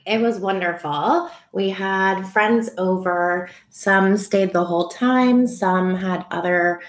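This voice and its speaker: A woman co-hosting a podcast with a husky early-morning voice, reflective and quick to laugh. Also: mid-range voice, roomy sound. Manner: slow, reflective, warm laughter. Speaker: podcast co-host. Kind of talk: casual podcast chat.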